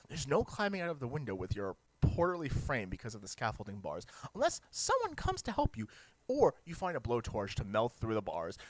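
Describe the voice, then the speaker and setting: A person reading a webcomic aloud with reactions, hammy and jokey, swinging between deadpan lines and shrill outbursts. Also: no echo. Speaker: reader of a webcomic.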